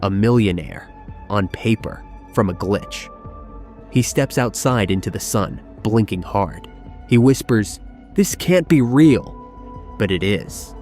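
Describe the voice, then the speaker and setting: A man giving scripted documentary narration in a measured, suspenseful storytelling manner. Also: fairly low pitch, darkish tone. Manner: tense, measured storytelling with dramatic pauses. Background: background music.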